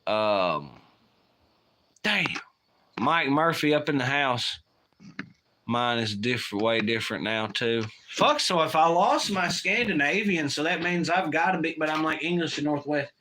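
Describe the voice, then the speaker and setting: A man's voice: on the high side, expressive, measured pace, sharp tone, slight background noise. A man hosting a casual livestream, rambling and swearing while he reads chat aloud. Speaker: livestream host.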